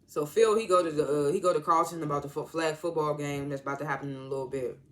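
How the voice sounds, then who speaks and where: Male reviewer, casual and rambling, slightly high voice, leans on fillers and restarts. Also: steady tone, quick pace, a bit bright. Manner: rambling, heavy use of "like", restarts; slangy, informal grammar. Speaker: TV episode reviewer. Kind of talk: casual episode recap.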